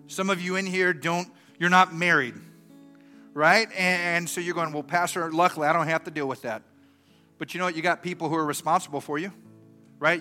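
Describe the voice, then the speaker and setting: A middle-aged man preaching a sermon and telling a story. He swings from soft and earnest to loud and animated. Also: on the high side. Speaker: pastor.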